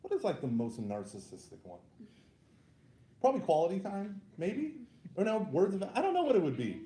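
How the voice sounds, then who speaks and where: A man's voice: high voice, normal speed, reverberant. A man, telling funny self-mocking stories to a group as a youth minister. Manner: self-deprecating, animated, laughs at own stories. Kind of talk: humorous personal storytelling talk.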